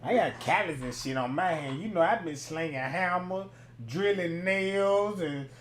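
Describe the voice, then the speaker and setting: A man streaming a casual reaction commentary, loud and profane, who slips into sung bits and mock voices. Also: high voice, a little slow, a little hiss or hum. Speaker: streamer host.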